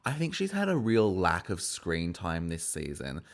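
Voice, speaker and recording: A man's voice: low voice, wildly swooping pitch, a little slow. Gossipy man recapping TV. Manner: gossipy, sweary, acts out quotes. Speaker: TV recap host. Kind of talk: casual episode review.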